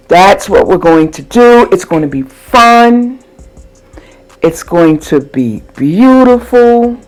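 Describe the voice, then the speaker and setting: A woman's voice: lowish voice, darkish tone. Chatty upbeat woman crafting vlogger. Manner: chatty, upbeat, addresses viewers as guys. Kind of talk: casual how-to vlog.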